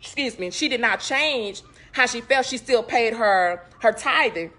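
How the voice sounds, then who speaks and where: A woman hosts a casual faith podcast, speaking in a slightly high voice. She talks in an earnest, emphatic, conversational way, close to preaching. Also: animated, measured pace, fairly bright tone. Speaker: podcast host. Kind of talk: casual faith talk monologue.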